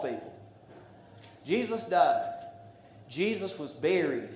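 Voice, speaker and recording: A man preaching a sermon, building to loud emphatic declarations. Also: a little high, lively intonation, measured pace. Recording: echoey room with faint background noise.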